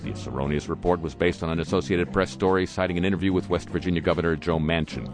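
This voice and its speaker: A man hosts talk radio in a very low voice, reading out the week's news. He throws in dry, sarcastic asides along the way. Faint music plays underneath. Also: steady tone, fast talker. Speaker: radio host.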